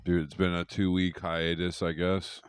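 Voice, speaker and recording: A man's voice: sits low, little pitch movement, moderate pace, clean tone. A man co-hosting a podcast, telling rambling, profane, boastful stories about doing stand-up. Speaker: podcast co-host and stand-up comic. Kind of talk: casual podcast chat.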